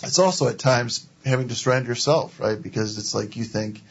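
A man's voice: mid-range voice, fairly quick, husky, highs cut off. A man talking earnestly about faith as a guest, often tagging his points with "right?". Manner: earnest, repeats words, says "right?" often. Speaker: film producer guest. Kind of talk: casual faith talk.

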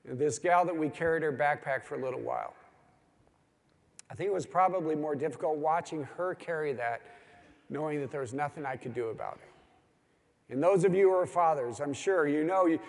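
A man's voice: a little high, darkish tone. Earnest preacher man in an echoing hall. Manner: earnest storytelling with rising, pleading emphasis. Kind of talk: sermon to a men's gathering. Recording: long hall reverb.

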